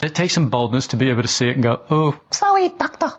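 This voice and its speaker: A man giving a spiritual talk to a group, animated and given to mocking asides in quoted voices, on a dull old recording. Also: medium pitch, very fast. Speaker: spiritual teacher.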